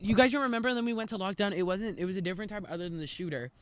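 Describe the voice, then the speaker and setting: A woman's voice: mid-range voice, racing, no echo. A young woman co-hosting a casual podcast, telling a school story with lots of quoted dialogue and laughter. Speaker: podcast co-host. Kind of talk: casual chat.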